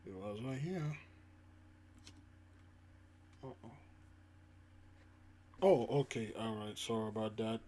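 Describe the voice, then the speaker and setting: A man's voice: on the low side, lively intonation, takes it slowly, long pauses, mellow, slight background noise. A man hosting his own channel, giving casual spiritual commentary on the news in a rambling, emphatic way that repeats his points. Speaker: channel host.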